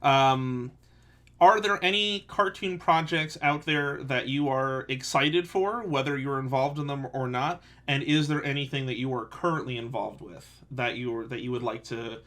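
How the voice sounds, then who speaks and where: A man's voice: medium pitch, normal speed, a bit bright. A young man hosting a fan interview, eager and gushing, laughing often. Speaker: podcast host, interviewer. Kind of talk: casual interview chat.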